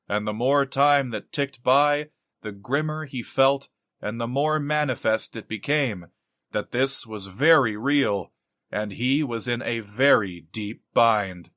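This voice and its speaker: A man reading a novel aloud as narrator in a measured storytelling manner. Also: medium pitch, a bit bright, no echo, clean studio sound. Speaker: audiobook narrator. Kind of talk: audiobook narration.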